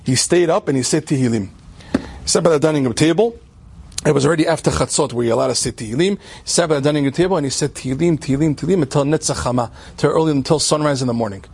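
A man giving an animated storytelling talk to a women's audience, often asking his listeners questions. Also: a little high, rapid-fire, husky. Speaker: religious speaker.

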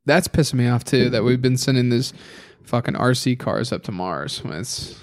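A young man hosting a casual chat, animated and profane, who moves the talk to new topics. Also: medium pitch, moderate pace.

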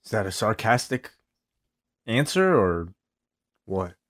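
A man with a fairly low voice co-hosts a podcast in casual chat. He rambles and hesitates, filling gaps with "uh" and "like.". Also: sing-song, takes it slowly, fairly bright tone. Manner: rambling, hesitant, lots of fillers. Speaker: podcast co-host.

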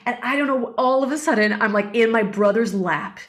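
A woman being interviewed as a guest, telling a personal story in an earnest, animated way. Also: a little high, fairly quick.

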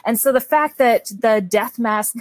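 A Canadian woman with a bright, eager way of talking chats about her work as a guest author, often breaking into laughter. Her voice sits fairly high for a woman. The sound is close and dry, with no room in it. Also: measured pace, no echo. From Ontario, Canada. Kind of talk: casual interview chat.

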